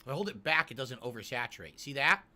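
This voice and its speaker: A man reviewing a sandwich on stream while he eats, describing each bite slowly and with relish. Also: medium pitch, lively intonation, sharp tone. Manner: savoring, drawn-out descriptions between bites. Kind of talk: food review while eating.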